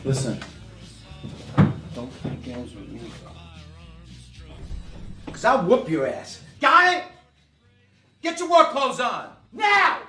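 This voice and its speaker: A man's voice: very high voice, wildly swooping pitch, takes it slowly, long pauses, bright, forceful tone, full character voice. An actor playing a brash, foul-mouthed man in a film scene. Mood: bossy. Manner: brash and profane. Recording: distant roomy film audio with music.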